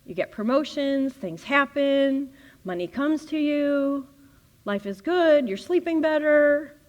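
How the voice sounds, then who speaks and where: A woman giving a spiritual teaching talk, animated and laughing often as she acts out little scenes. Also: high-pitched, slow, highs cut off. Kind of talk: playful teaching talk with acted-out inner dialogue.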